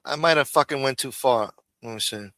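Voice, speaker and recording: A man's voice: medium pitch, fairly quick, fairly bright tone, no room sound, clean studio sound. A man hosting a live stream recap, talking casually and ribbing his guests with a profane, streetwise manner. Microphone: studio mic for a radio-style show.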